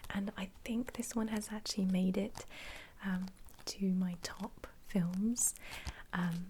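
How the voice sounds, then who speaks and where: A young woman, an ASMR creator, whispering casually about her favourite films, giggling often and pausing on ums. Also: medium pitch, warm tone, slight background noise. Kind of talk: whispered ASMR film chat.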